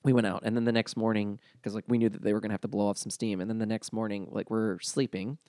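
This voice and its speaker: A man's voice: on the low side, flat delivery, quick pace, dark tone, no echo, clean studio sound. A young man telling a story from his teens in a casual chat, rambling with lots of fillers and restarts. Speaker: guest.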